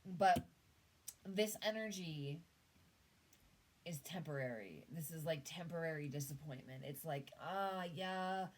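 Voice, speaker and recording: A woman's voice: low voice, a little slow, long pauses, darkish tone, slight background noise, low-quality recording. A Canadian woman giving a casual tarot reading, musing aloud, trailing off and restarting her thoughts. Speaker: tarot reader.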